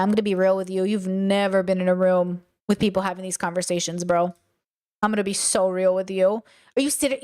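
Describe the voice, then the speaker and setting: A woman streamer giving casual reaction commentary, blunt and animated, swearing freely as she rants. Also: mid-range voice, clear, resonant tone.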